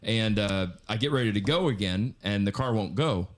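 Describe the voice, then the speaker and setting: A man with a fairly low voice tells a story on a podcast. He talks loosely, with lots of ums, swearing and laughter. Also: moderate pace. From Missouri, USA. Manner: relaxed, swears freely, full of ums and laughs. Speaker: podcast co-host. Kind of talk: casual storytelling.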